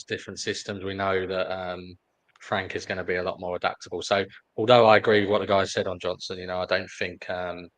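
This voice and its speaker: Deep voiced guy on a panel, calm and analytical. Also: low-quality recording. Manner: measured, analytical. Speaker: panel guest. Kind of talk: casual football discussion.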